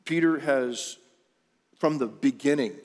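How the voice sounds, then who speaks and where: An earnest male pastor preaches in a relaxed, conversational way, often restarting his sentences. His voice sits at a middling male pitch. A long reverb from the church hall hangs on his words. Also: unhurried. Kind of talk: sermon.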